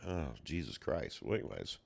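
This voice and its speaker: Low-voiced man ranting on a livestream. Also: big pitch swings, moderate pace, creaky. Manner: profane and heated; rants with rising exasperation. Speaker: livestreamer and puzzle collector.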